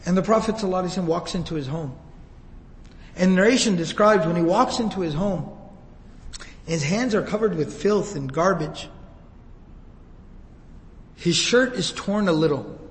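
A man's voice: high-pitched, moderate pace, long pauses, in a large hall, rough recording. A man giving a sermon, telling the story emotively and acting out quoted lines. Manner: emotive, retells scenes with quoted voices. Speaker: preacher.

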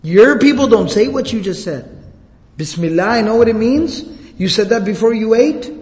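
A man telling as Addas, an astonished servant. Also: sits high. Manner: halting, repeats himself when excited. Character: Addas, adult male servant, astonished, earnest. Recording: long hall reverb.

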